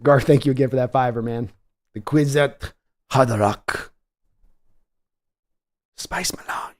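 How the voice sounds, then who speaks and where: A man hosting a live-streamed draft show, talking in a chatty, excitable way and reading viewer donations aloud. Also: medium pitch, unhurried. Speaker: livestream draft host.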